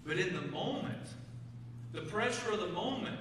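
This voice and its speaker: Male pastor, bright and high, conversational sermon, recorded from a distance in an echoey sanctuary with faint room noise. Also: lively intonation, normal speed. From Texas. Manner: conversational preaching, asks the congregation questions. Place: church sanctuary. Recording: echoey church hall, mic from a distance.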